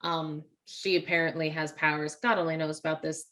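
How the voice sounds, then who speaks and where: Woman cohost, bright cutting tone, gets animated recapping scenes. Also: sits low, fairly quick. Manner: animated, acts out quoted lines. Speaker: podcast co-host. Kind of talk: casual movie discussion.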